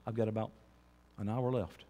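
Preacher in an echoing hall. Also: male voice, lowish voice, steady tone, normal speed. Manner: swings from quiet to shouting. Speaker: pastor. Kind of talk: sermon.

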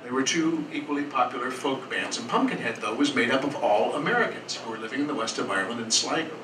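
A male storyteller tells a personal tale in an earnest, rambling way, pausing and restarting as he goes. He is heard from a distance in an echoing café, with a steady hum of noise around him. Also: medium pitch. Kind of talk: live storytelling performance. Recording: roomy, distant, noisy live café.

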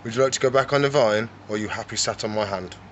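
A man hosting a casual vlog from his reptile shop, chatting and gently coaxing the animals. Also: fairly low pitch, fast talker, a little hiss or hum, low-quality recording. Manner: chatty, coaxes the animals in a soft, doting voice.

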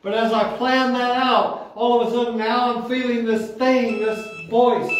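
A man's voice: extremely high pitch, little pitch movement, measured pace, hardly any pauses. A man in his sixties, a pastor, giving an emotional testimony sermon with fervent call-and-response. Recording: echoey hall from far off, faint noise.

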